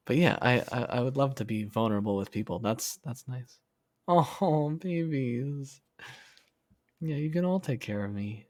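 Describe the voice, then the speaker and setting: A young man chatting casually on a livestream, reading comments in a soft, affectionate way and laughing often. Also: mid-range voice, expressive, measured pace, no echo, clean studio sound. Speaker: streamer.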